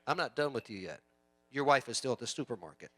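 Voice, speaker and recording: A male pastor preaching a sermon, swinging from loud emphatic lines to quiet storytelling, with chatty asides and repeated words. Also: medium pitch, expressive, quick pace.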